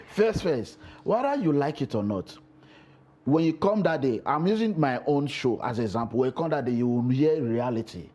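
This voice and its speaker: A man's voice: medium pitch, normal speed, highs cut off. A man with a Nigerian accent, a comedian talking animatedly in a TV interview and slipping into pidgin. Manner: animated, mixes pidgin into English. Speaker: comedian guest. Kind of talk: TV interview talk.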